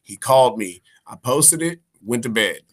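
A man's voice: medium pitch, expressive, normal speed. A male comedian guest telling stories and jokes in a casual podcast chat. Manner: storytelling, joking.

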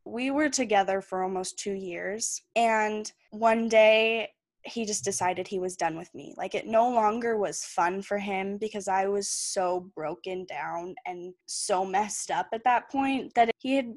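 A woman's voice: medium pitch, a little slow, a little mellow, no echo. A young woman, a podcast guest, earnestly recounting a personal story in candid, plain words.

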